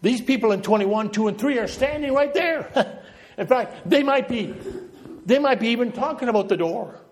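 Animated storytelling preacher from New Brunswick. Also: male voice, extremely high pitch, normal speed, slight background noise. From New Brunswick, Canada. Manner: storytelling, illustrating with gestures, walking back and forth. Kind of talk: sermon.

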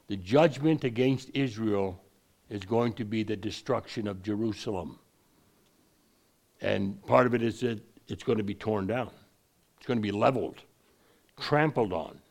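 Guy with a gravelly voice preaching a bible lesson, slow scripture reading then quick chatty asides. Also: on the low side, darkish tone. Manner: conversational, reads scripture slowly, then explains in quick asides. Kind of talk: Bible teaching.

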